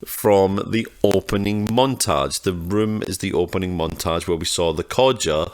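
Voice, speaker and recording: A man's voice: sits low, normal speed, dry recording. A man co-hosting a film podcast, recapping the plot in a rambling, jokey way. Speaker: podcast co-host. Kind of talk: casual film review chat.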